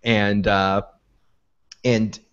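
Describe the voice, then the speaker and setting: A man hosting a casual TV recap, telling the story with energy and slipping into quick voices for the characters. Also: lowish voice, clear, resonant tone. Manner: animated, acts out scenes in quick put-on voices. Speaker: show host. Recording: dull lo-fi recording.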